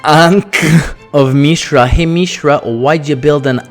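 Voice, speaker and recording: A French-born man hosting a card review, sarcastic and jokey, rattling off card text quickly. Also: on the high side, soft background music. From France. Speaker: host.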